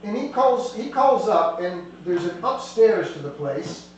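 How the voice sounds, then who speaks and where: A man's voice: high-pitched, sing-song, unhurried. A man narrating as a tabletop game master, rambling and heavy on fillers, recorded from a distance in an echoey room with a faint hum.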